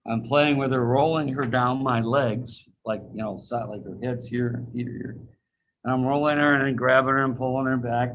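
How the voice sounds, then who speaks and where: A man of medium pitch teaches anatomy over a video call, casual and folksy, sprinkling in anecdotes and performing the voices of those he quotes. The highs are cut off and there's slight background noise.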